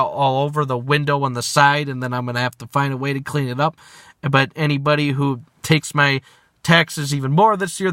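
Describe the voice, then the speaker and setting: Profane, ranting man, bright and dry. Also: medium pitch, dry recording. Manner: profane, ranting, rambling with rhymes. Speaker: rapper ranting to his channel. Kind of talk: angry freestyle rant.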